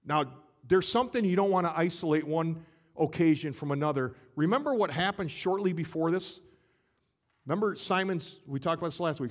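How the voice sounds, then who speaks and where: A man preaching a sermon, retelling a scene and acting out the voices in it with shifting energy. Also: on the high side. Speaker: pastor.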